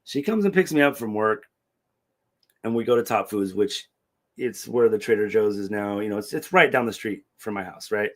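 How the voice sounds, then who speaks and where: A middle-aged man telling a long story in casual chat, animated and profane, acting out the dialogue. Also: fairly low pitch, normal speed. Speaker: podcast co-host.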